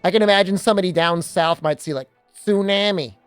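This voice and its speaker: Rambling man streamer, higher voice. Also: fairly even intonation, fast, fairly bright tone, clear, resonant tone, soft background music. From New England. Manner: rambling, heavy filler words, chuckles often. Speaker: game streamer. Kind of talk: casual chat while gaming.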